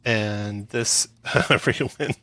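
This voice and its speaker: A man running a tabletop game as game master, quick and chatty, laughing often. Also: on the low side, bright, forceful tone.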